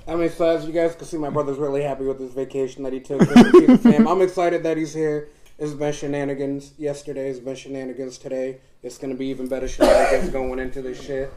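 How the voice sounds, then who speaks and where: A male podcast host opens the show loudly, swearing and joking at a mid pitch. The chatter of people is clearly heard around him. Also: level tone, fast talker. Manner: loud, profane, joking. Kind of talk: casual podcast banter.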